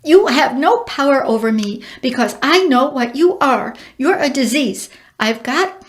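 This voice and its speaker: A woman voicing an overwrought, frightened young woman who talks in a shaky, high voice. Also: animated, measured pace. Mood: panicked.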